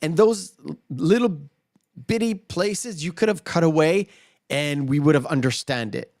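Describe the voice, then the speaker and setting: A man's voice: fairly high pitch, a little slow, a little mellow, dry recording, clean studio sound. A man co-hosting a casual movie podcast, recapping scenes in a rambling way with lots of fillers. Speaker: podcast co-host.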